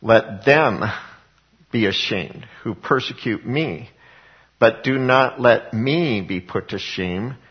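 A man's voice: mid-range voice, husky, muffled recording. A man preaching a sermon, reading scripture aloud and explaining it in a conversational way, with frequent fillers and repeated words, rising to emphatic passages.

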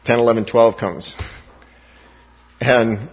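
A man's voice: mid-range voice, lively intonation, moderate pace, breathy edge. A man preaching a sermon as pastor, with emphatic rising stresses and frequent restarts. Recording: dull, echoey hall recording.

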